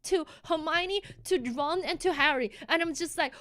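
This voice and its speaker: A woman streamer talks in a high voice in a heated, animated live-stream rant. She keeps stumbling and restarting her sentences as she pushes her point. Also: normal speed.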